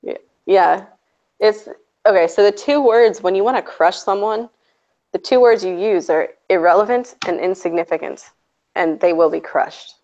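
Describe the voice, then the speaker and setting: A woman's voice: mid-range voice, normal speed, mellow. A woman hosting a stream in casual chat, sarcastic and chatty, laughing often. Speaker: stream host. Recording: dull lo-fi audio.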